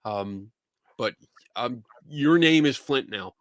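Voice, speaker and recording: A man with a Philadelphia accent hosting a casual live show, chatty and quick to laugh and swear. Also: medium pitch, lively intonation, no echo, studio quality. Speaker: podcast host. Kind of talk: casual livestream chat.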